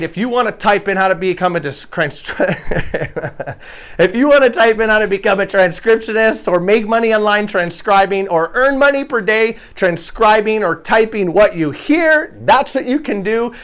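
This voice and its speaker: High-voiced man in a rambling vlog. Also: moderate pace, few pauses, fairly bright tone. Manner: rambling, self-correcting, chuckles often; direct address to viewer. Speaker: online money-making vlogger. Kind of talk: casual explanatory vlog.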